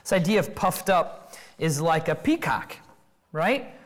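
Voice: medium pitch, unhurried. A preacher giving an expository sermon, firing off rhetorical questions and acting out quoted voices. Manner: animated, acts out quoted voices.

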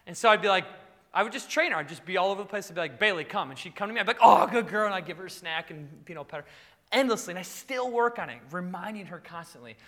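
A man's voice: high voice, rapid-fire, big-room sound. A male pastor preaching, telling playful stories with frequent laughter. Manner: animated, playful storytelling. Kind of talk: sermon.

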